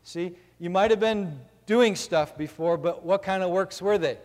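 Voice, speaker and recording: A man preaching a sermon with a somewhat high-pitched voice. He reads scripture slowly, then explains it with simple everyday examples. His voice carries a long reverb, as in a church hall. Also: a little mellow. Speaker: pastor.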